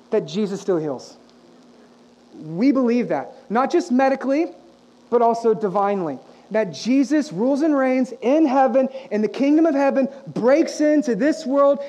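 A young adult man, a pastor, preaching a sermon in a lively, conversational way, asking the congregation questions. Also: very high-pitched, dull audio.

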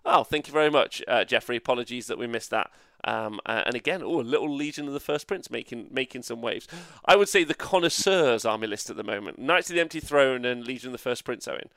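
A man co-hosting a casual tabletop gaming podcast, animated and swearing freely with lots of fillers. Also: mid-range voice, quick pace, clean tone, no echo, clean studio sound. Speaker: co-host. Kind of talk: casual podcast chat about tabletop games.

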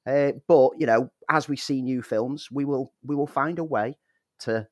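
A man's voice: mid-range voice, a little slow, no room sound, studio quality. A man co-hosting a podcast, speaking earnestly in casual chat with a few stumbles. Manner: earnest, stumbles and restarts words. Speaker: podcast co-host.

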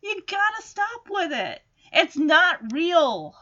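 A bossy little cartoon girl who scolds and nags, as a woman puts her on in a retelling, with a high, bright voice. Her pitch swings widely. The recording sounds slightly dull and lo-fi. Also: big pitch swings, slow pace, exaggerated voice. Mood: scolding.

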